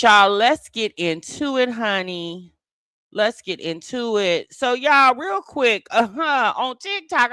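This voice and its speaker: Bright, animated woman podcast host. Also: mid-range voice, clean tone, dry recording. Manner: lively, sassy, laughing asides. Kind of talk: casual commentary chat.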